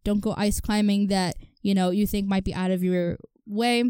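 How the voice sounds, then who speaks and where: A woman's voice: mid-range voice, flat delivery, moderate pace, dark tone, clean tone, no room sound. A young woman co-hosting a podcast in casual chat, chatty with lots of "you know" and frequent laughs. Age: young adult. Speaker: podcast co-host.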